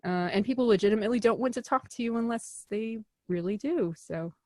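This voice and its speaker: A woman's voice: fairly high pitch, a little fast, a little mellow, no echo, studio quality. A woman actor and filmmaker, a guest in a casual interview, talking in a chatty, self-deprecating way full of fillers.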